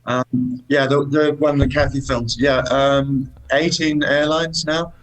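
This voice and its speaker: Animated storytelling man, mid-pitched voice. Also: slow pace, faint music behind, rough recording. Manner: animated anecdotes, says "man" often. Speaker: guest, motorcycle traveller. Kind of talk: casual storytelling chat.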